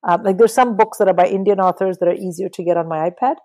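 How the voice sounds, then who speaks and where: A middle-aged woman talking casually about books in an interview, animated and swearing freely. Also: mid-range voice, fast talker, low-quality recording. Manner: animated, swears, mimics people in quotes. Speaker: guest.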